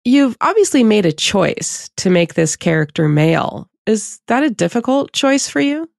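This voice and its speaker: A woman's voice: fairly high pitch, very animated, moderate pace, gravelly, dry recording, clean studio sound. A woman hosting a podcast interview who asks attentive, probing questions. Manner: attentive, inquiring. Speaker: podcast host.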